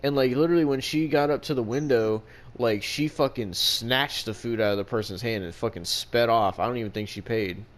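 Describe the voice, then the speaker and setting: A man's voice: medium pitch, brisk. A man co-hosting a casual podcast, telling a rambling story full of profanity. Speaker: podcast co-host.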